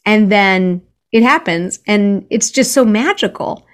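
A woman's voice: medium pitch, lively intonation, unhurried. An earnest woman author telling stories as a guest, often restarting her sentences. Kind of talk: conversational interview.

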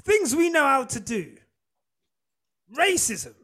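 A young man co-hosting a casual podcast, slangy and given to loud bursts. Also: extremely high pitch, very animated, takes it slowly. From Britain. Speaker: podcast co-host.

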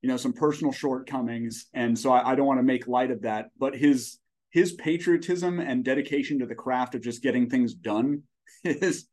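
A man's voice: medium pitch, moderate pace, a little mellow. A man in his forties, a startup CEO guest on a podcast, talking in an expansive, folksy way with long storytelling tangents. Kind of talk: conversational podcast interview.

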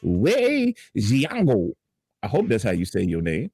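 Lively husky-voiced male podcast host. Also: deep voice, fast, no echo. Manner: animated, playful, joking news-anchor bits. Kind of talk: comedic podcast banter.

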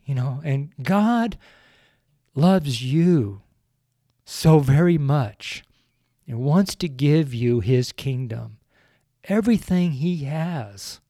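Older man, tearful preacher, pleading, soft dark tone, dry close sound. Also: mid-range voice, dry recording. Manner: pleading, earnest, repetitive appeals. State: tearful, crying while speaking. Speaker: street preacher and podcast host. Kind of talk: heartfelt preaching on a podcast. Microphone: podcast microphone.

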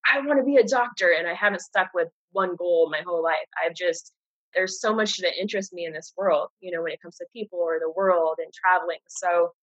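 An earnest woman in her thirties, openly telling her own story as a guest on a recorded conversation. Her voice is husky and a little breathy. The sound is dry and dull, like a lo-fi recording. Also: fairly low pitch, a little fast, dry recording. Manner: earnest, open, animated when quoting others.

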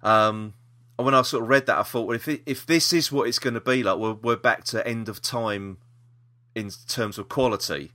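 A man's voice: mid-range voice, moderate pace, bright, forceful tone. A man co-hosting a casual podcast chat, rambling with restarts and laughter. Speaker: podcast co-host.

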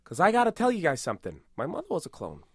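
Brief: man playing a boastful tough-guy celebrity, rambling and absurd, fairly high voice, dry close mic. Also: fast, husky, no echo, heavily acted. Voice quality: rambling, self-aggrandizing, deadpan absurd. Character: boastful tough-guy movie star impression, male adult. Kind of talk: improvised comedy podcast.

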